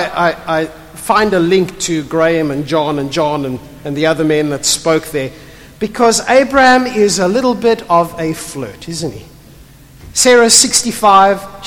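Pastor preaching, chatty and blunt, keeps asking the crowd stuff, voice bounces all over, long echo in a big church hall. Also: mid-range voice. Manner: animated, conversational, asks rhetorical questions; blunt and emphatic. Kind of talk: sermon.

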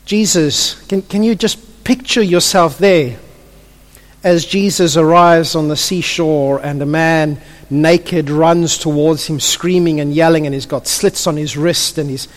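A man whose voice is a little high preaches unhurriedly, his intonation fairly even. He recounts the stories vividly yet often restarts with stammered repeats of his first words, all heard in a long hall reverb.

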